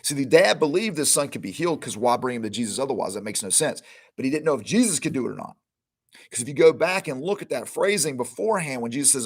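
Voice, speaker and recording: A middle-aged man hosts a podcast and gives a Bible teaching in a conversational, informal way. His voice sits at a medium pitch. He acts out the lines of the people in the stories he retells. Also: lively intonation, quick pace, slightly rough. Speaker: podcast host teaching scripture.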